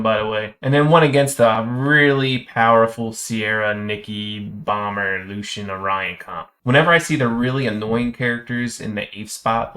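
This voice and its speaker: A man's voice: medium pitch, a bit bright. A young man giving casual gameplay commentary, chatty and explaining his strategy step by step with frequent fillers. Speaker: gaming YouTuber.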